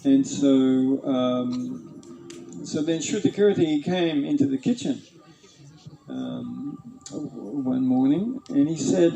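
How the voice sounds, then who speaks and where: A man hesitantly recalling cooking in a temple, with many pauses. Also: medium pitch, big pitch swings, vocal fry, dark tone, soft background music, poor audio. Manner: halting, many ums. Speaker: former temple cook. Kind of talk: hesitant reminiscence.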